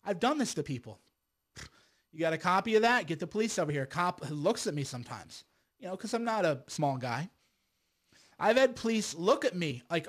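Combative high-voiced man talking to viewers. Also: sing-song, moderate pace, long pauses. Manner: combative, repeats words and restarts, asks "right?". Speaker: lawyer and filmmaker. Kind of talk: casual monologue to viewers.

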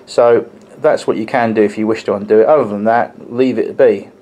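A man's voice: lowish voice, fairly even intonation, a little fast, mellow. A man reviewing a model locomotive in a casual, chatty way, with frequent ums and restarts as he explains details hands-on.

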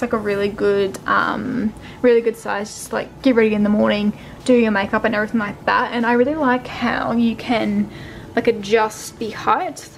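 A young woman, a fashion vlogger, chatting excitedly in her bedroom with lots of fillers. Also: fairly high pitch, gravelly, a little hiss or hum. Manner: gushing, filler-heavy, excitable. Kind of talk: casual vlog chat. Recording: echoey room, far from mic, music behind.

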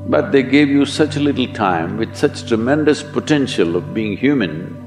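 A man's voice: mid-range voice, lively intonation, moderate pace. A man giving a spiritual talk, asking rhetorical questions and slipping in jokes. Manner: rhetorical questions, joking asides. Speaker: spiritual teacher. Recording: reverberant hall with soft music.

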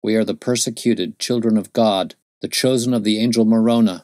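A man's voice: fairly low pitch, steady tone, brisk, darkish tone, no room sound, clean studio sound, voice pushed up, natural voice. A man voicing a stern, zealous young male pilgrim in an audiobook, speaking in a fervent, solemn preaching tone. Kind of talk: audiobook character voice.

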